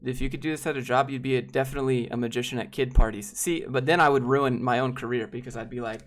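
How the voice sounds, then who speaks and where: Young man, livestream host, casual Q&A, wry asides, mid-pitched voice. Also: fairly even intonation. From Georgia, US. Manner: quick, wry asides, trails off. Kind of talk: casual live Q&A reading chat.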